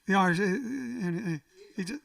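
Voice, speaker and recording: A man's voice: sits high, expressive, normal speed, creaky, fairly bright tone. A man hosting a band livestream from a living room, chatting casually and rambling as he reads out viewer comments. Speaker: band frontman and livestream host. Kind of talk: casual livestream chat between songs. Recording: voice a little far from the mic, faint music behind.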